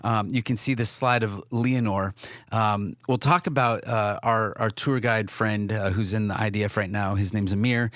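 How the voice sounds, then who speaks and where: A man's voice: fairly low pitch, fairly even intonation, normal speed, fairly bright tone, dry recording, studio quality. A man co-hosting a podcast in a casual, earnest way, often restarting his sentences. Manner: earnest, many restarts and fillers. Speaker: podcast co-host.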